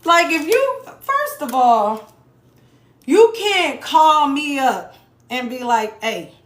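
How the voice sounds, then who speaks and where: A woman's voice: sits high, very animated, takes it slowly, fairly bright tone. A woman giving a casual tarot reading to her viewers, blunt and profane, with joking asides. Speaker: tarot reader. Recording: echoey room with faint noise.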